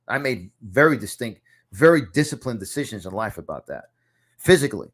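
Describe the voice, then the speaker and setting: A podcast host and success coach in his fifties, with a New York accent and a medium-pitched voice, gives a motivational talk from a home studio. His delivery is emphatic and punchy, almost preacher-like, and he keeps repeating key lines.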